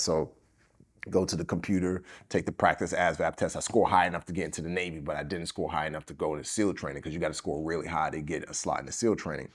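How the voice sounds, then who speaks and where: A man, a podcast guest telling his story in an animated way, acting out the quotes and using many fillers. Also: low voice, quick pace, breathy edge. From the Bronx, New York. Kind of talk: storytelling interview.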